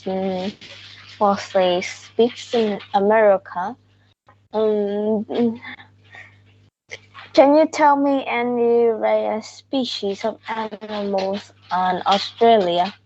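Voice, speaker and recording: A woman asking practice questions in halting English, full of restarts and fillers. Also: mid-range voice, a little mellow, slight background noise. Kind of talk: English speaking practice conversation. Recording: dull lo-fi recording.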